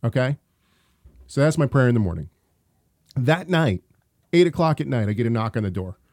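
A man in casual podcast chat, an animated storyteller who laughs often and restarts his sentences. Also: medium pitch, moderate pace, no room sound, clean studio sound. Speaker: podcast co-host.

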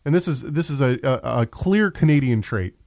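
Homem de voz rouca e grave. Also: male voice, medium pitch, expressive, normal speed, a little mellow, no room sound. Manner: conversational, frequent restarts. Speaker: host. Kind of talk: casual religious discussion.

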